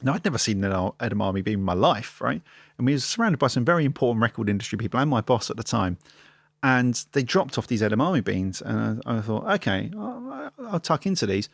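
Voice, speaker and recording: Fast-talking male podcast host. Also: mid-range voice, expressive, creaky, dry recording, clean studio sound. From London, England. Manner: chatty, storytelling with self-deprecating humour. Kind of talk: casual interview chat.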